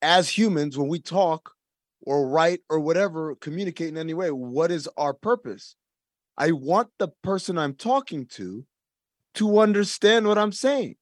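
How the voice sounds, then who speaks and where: A man's voice: on the high side, lively intonation, normal speed, dry recording, studio quality. A man in casual conversation, explaining his views earnestly and making his point through comparisons. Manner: earnest, explanatory, uses analogies.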